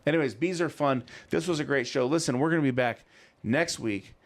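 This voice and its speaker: A man's voice: medium pitch, brisk, no echo. A man co-hosting a podcast in a small studio, chatting casually and spinning a rambling story full of "you know" and "I'm like". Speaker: podcast co-host. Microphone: studio mic.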